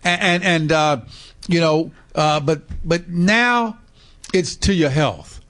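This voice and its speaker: A man's voice: fairly high pitch, slow, fairly bright tone. Eager, stumbling male radio host. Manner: enthusiastic, repeats words while searching for them. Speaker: radio health show host. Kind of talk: casual radio talk. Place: radio studio.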